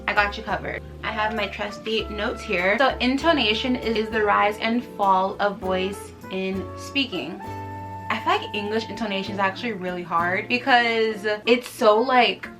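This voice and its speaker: A woman's voice: medium pitch, normal speed, music in the background. A woman in her twenties with a Californian accent, chatting casually to camera about learning a language, giggly and self-mocking. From United States. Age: 20s.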